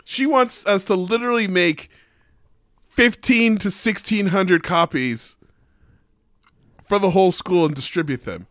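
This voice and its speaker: A man's voice: sits high, lively intonation, moderate pace, a bit bright, dry recording, clean studio sound. A young man, a teacher and podcast co-host, ranting with profane exasperation in a casual chat.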